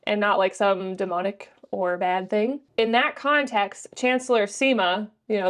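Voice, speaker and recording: A woman giving a casual book review, chatty and full of "like" fillers. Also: mid-range voice. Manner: chatty, lots of "like" fillers, quick laughs.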